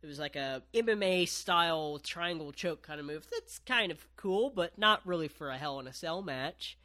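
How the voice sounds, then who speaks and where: A man's voice: a little high, expressive, normal speed, pushed and bright. A man casually recapping a wrestling match on a podcast, laid-back, with lots of ums and casual swearing.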